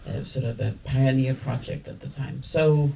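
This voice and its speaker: A woman's voice: rumbling low, steady tone, moderate pace, gravelly, dark tone, far from the mic, slight background noise. A woman from Denmark, a film director talking at a screening in a cinema hall, rambling and self-mocking, often laughing. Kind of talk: guest talk after a screening.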